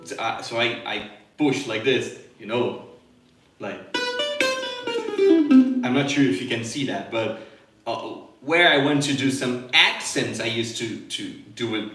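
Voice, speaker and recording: A man's voice: mid-range voice, a little slow, long pauses, echoey room, far from the mic. A man teaching jazz guitar in a live lesson, explaining step by step, stopping to demonstrate on the guitar and checking in with "okay?".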